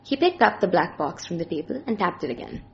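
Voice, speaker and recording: A woman reads a story aloud in a steady narration. Her low voice carries a heavy gravelly fry. The recording sounds dull and lo-fi. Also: fast talker, a little hiss or hum. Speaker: story reader. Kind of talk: scripted narration.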